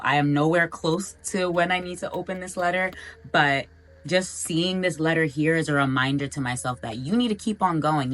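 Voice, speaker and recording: Low-voiced young woman vlogger. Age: young adult. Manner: earnest, encouraging, casual with fillers. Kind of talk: motivational vlog talk.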